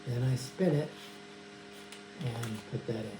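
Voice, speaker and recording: A man's voice: medium pitch, slow pace. Chatty man teaching magic, echoey hum. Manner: chatty, addresses an imagined kid audience. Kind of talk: casual tutorial demonstration. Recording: echoey room with mains hum.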